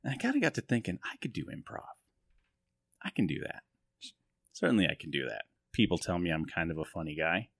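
A man's voice: sits low, big pitch swings, fairly quick, vocal fry, a bit bright, dry recording, studio quality. A man hosting a podcast in casual chat, joking, self-mocking and rambling. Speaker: podcast host.

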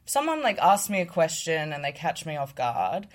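A woman's voice: deep voice, sing-song, normal speed. A woman co-hosting a podcast in casual chat, playful and giggly, now and then slipping into a mock British accent. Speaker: podcast co-host.

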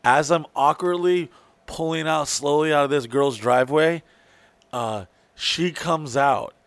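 A man's voice: on the high side, a little slow, dry recording. Profane storytelling man, dry sound. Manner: profane, rambling, acts out his own lines. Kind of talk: casual storytelling chat.

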